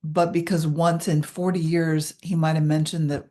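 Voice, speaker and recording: This is a woman in her sixties with a somewhat low, warm, mellow voice. She leads a meditation, speaking frankly and laughing at herself at first, then slowing into a gentle, soft-spoken guide. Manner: candid and self-deprecating, softening to a hushed meditative tone. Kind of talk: casual talk leading into a guided meditation.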